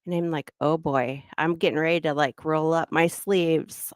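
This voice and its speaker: A woman's voice: low voice, fairly even intonation, normal speed, clean tone, no echo, clean studio sound. Chatty Minnesotan woman telling stories. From Minnesota, USA. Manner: chatty, laughs between anecdotes. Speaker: livestream host. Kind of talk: casual storytelling.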